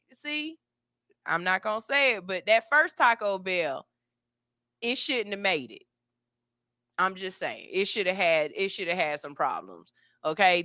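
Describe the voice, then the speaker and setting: A woman hosting a morning radio show, telling stories in an animated, candid and slangy way. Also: on the high side, dry recording, studio quality. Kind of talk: casual morning radio talk. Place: radio studio.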